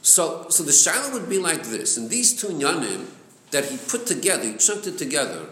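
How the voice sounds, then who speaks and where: A man's voice: fairly high pitch, brisk. A man teaching a Chassidic text class, explaining with many repeated words and Hebrew terms mixed in. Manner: lively, repeats words, mixes Hebrew and Yiddish terms into English. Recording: echoey room.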